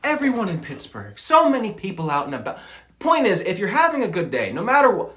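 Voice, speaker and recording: A man talks straight to the camera in a casual vlog, animated and self-mocking. His pitch bounces lively from word to word. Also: brisk. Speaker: content creator.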